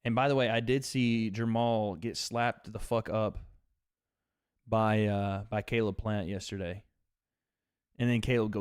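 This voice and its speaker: A man's voice: lowish voice, steady tone, measured pace, clean tone, dry recording, clean studio sound. Laid-back, profane man streaming from home. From Tennessee. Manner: laid-back and profane, reading out chat donations. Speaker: livestream host. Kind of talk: casual livestream chat with viewers. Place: on a couch at home, without his usual setup.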